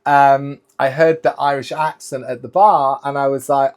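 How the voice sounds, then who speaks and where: In a casual interview, this middle-aged British guest, once a sailor and now a keynote speaker, spins rambling anecdotes linked by "and then." He speaks at normal speed in a flat, medium-pitched voice.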